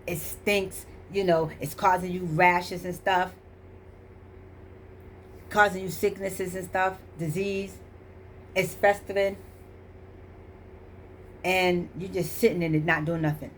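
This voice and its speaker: A woman's voice: fairly low pitch, steady tone, slow, pauses often, a little hiss or hum. A middle-aged woman giving a casual motivational talk, emphatic and repetitive, preaching about choices. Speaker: motivational vlogger.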